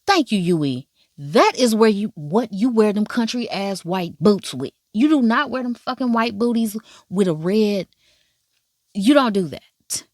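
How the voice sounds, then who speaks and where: A woman giving casual drama commentary in an animated, profane, sassy way. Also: medium pitch, measured pace, no room sound, clean studio sound. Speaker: drama reviewer. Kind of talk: casual watch-along commentary.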